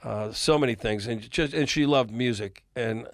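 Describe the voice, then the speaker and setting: A man's voice: medium pitch, moderate pace, no room sound, clean studio sound. An older man, a record executive, telling a long anecdote as a guest in a podcast interview and chuckling often. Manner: animated storyteller, chuckles often.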